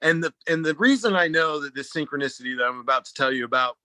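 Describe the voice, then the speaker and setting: Man, personal storytelling, animated, rambling, restarts sentences, brightish higher voice, dry sound. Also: fast talker, no room sound. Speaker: speaker at a talk.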